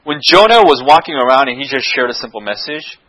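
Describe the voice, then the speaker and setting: A man's voice: mid-range voice, expressive, fast, fairly bright tone, low-quality recording. A man preaching a sermon, telling a story with animation and often checking in with his listeners.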